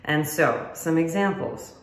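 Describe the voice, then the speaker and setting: A woman's voice: low-pitched, expressive, a little slow. A woman fiddle teacher explaining styles in a friendly, casual, self-deprecating way. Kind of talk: casual instructional talk to camera. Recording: roomy echo.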